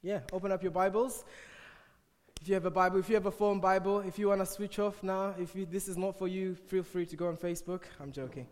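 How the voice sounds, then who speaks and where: A young man with an African accent speaks to a church crowd, his voice sitting a little higher than most men's. He mixes scripture with playful, teasing asides. The room rings with a long reverb. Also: steady tone, fast, a little mellow. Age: young adult. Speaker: youth speaker. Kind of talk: church talk with jokes. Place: church hall.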